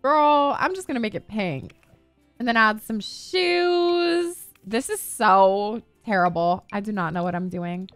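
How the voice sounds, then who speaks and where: A woman's voice: mid-range voice, expressive, a little slow, fairly bright tone, clean tone, no echo, soft background music. A young woman giving casual, gushing gameplay commentary, peppered with "like" and casual swearing. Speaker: gaming streamer.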